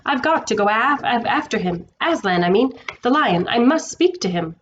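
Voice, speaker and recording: A woman's voice: fairly high pitch, animated, dull audio, slight background noise, natural voice. A woman voicing an earnest, determined young boy in a storybook reading. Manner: earnest and hurried.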